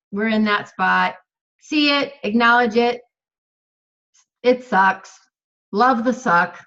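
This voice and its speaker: A woman's voice: medium pitch, a bit bright, muffled recording. A woman in her fifties giving an emphatic motivational coaching talk on a video call, repeating phrases and laughing often. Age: 50s.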